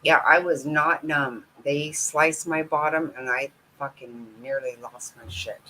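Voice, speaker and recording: A woman's voice: low-pitched, steady tone, a little slow, pushed and bright, a little hiss or hum, low-quality recording. A middle-aged woman talking bluntly and candidly with her viewers in a casual live-stream chat. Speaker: vlogger chatting with viewers.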